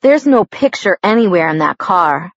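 A woman's voice: on the low side, moderate pace, dry recording, dull audio, natural voice. A woman reading the lines of a complaining, dramatic teenage boy in an audiobook.

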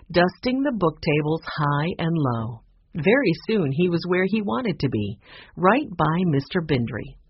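A narrator reads a children's chapter book in a steady, expressive way. The voice is husky and moves a lot in pitch. The recording sounds dull and lo-fi. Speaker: audiobook narrator. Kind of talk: storybook narration.

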